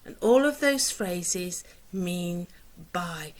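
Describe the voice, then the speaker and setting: A woman teaching a lesson, who speaks slowly and deliberately and asks questions in a rising sing-song way. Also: fairly low pitch, expressive, low-quality recording. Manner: slow, deliberate teacherly delivery. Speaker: English teacher. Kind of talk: online English lesson.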